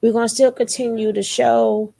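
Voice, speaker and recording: A woman's voice: on the high side, little pitch movement, moderate pace, creaky, mellow. A woman hosting a live stream in a casual chat style, playful and teasing as she greets viewers by name. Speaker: livestream host.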